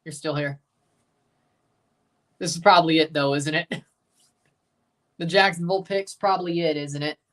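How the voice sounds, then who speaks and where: A man's voice: on the high side, steady tone, moderate pace, long pauses, a bit bright, recorded from a distance. A man hosting a livestream, giving casual, offhand reaction commentary with muttered asides and casual swearing. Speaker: livestream host.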